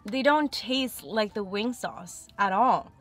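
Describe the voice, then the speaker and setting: A woman's voice: mid-range voice, lively intonation, slow, fairly bright tone. A young woman chatting frankly and thinking aloud as she tastes food in a casual eating vlog. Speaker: food vlogger.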